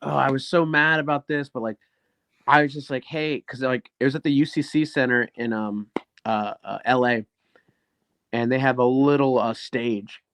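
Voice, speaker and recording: A man's voice: mid-range voice, normal speed, no room sound. A man who is a professional wrestler and guest on an interview show, telling stories casually and acting out quoted dialogue, with frequent swearing. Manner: animated, swears often, acts out quoted dialogue.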